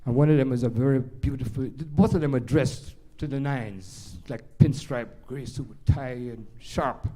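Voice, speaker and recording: Older Jamaican man, warm mellow tone, loose rambling storyteller, speaking to a live audience. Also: medium pitch, a little slow, few pauses. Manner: rambling, animated anecdotes with many restarts. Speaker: jazz pianist and storyteller.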